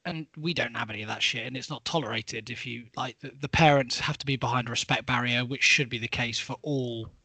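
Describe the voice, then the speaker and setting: A man's voice: mid-range voice, fairly quick, hardly any pauses, sharp tone, husky, no echo. A man on a podcast panel and a youth football coach, who speaks bluntly and swears now and then. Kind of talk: casual podcast chat.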